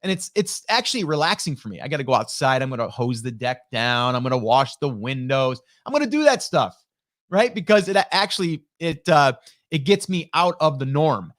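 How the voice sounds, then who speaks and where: A man's voice: medium pitch, very animated, fairly quick, a bit bright. A middle-aged man hosting a casual live stream, chatting in a rambling, upbeat way and greeting viewers by name. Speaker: live stream host reading chat. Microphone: broadcast dynamic studio mic.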